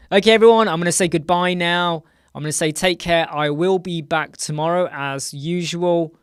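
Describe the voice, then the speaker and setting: A man's voice: fairly high pitch, fairly bright tone, clear, resonant tone. A man with a British accent, tired, hosting a live Q&A stream, rambling, correcting himself and checking in with "right?" as he goes. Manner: rambling, self-correcting, asks "right?" often. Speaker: livestream host.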